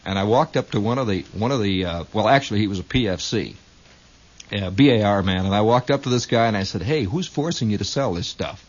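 Husky-voiced man spinning a comic radio yarn. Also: on the low side, fast. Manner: storytelling, wry, with mock-military asides. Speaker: radio host. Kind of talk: rambling comic radio monologue. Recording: lo-fi old radio broadcast.

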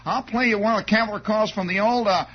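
A man voicing a brash, belligerent young Southern soldier who talks in loud, swaggering challenges. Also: high voice, fast talker, breathy edge, voice pushed up. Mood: boastful. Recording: dull lo-fi recording.

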